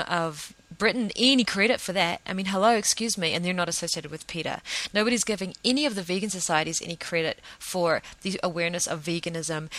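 Exasperated woman talking fast. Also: on the low side, dry recording, poor audio. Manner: animated, exasperated, many fillers. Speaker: vegan advocate. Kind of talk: casual monologue.

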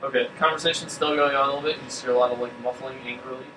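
A man acts as game master, narrating a tabletop game in a relaxed, hesitant way full of fillers. His medium-pitched voice runs very fast, recorded far from the mic in a roomy space with air-conditioner hum.

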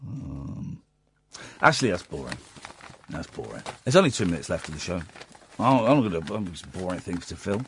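Rambling, sardonic radio host. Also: male voice, low-pitched, sing-song, moderate pace, a bit bright, slight background noise. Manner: rambling, sardonic, mock-outraged. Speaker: late-night radio host. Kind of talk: casual talk radio monologue. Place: radio studio. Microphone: studio microphone.

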